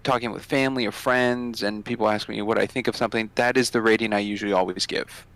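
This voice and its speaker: Co-hosting a casual podcast chat, a man explains how he rates films, rambling and often searching for the right words. His voice is fairly low and a bit bright, with a steady tone and a quick pace.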